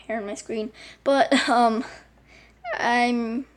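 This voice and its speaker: Female host, higher register, unhurried pace, scattered casual game commentary, voice prone to squeaky cracks. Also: steady tone. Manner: chatty, scattered, talks to her game animals and screen. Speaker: channel host showing a game collection. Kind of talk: casual screen-recording commentary.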